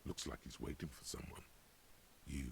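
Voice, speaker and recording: A man voicing a wry, dramatic inner narrator in a video game, speaking in slow, grave storytelling tones with dry irony. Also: a little hiss or hum, heavily acted. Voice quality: deep, gravelly.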